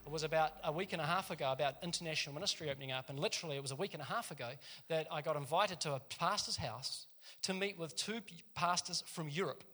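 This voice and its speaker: A man's voice: on the high side, quick pace, sharp tone. A man, a pastor giving a casual, chatty sermon in a church and laughing often as he tells stories.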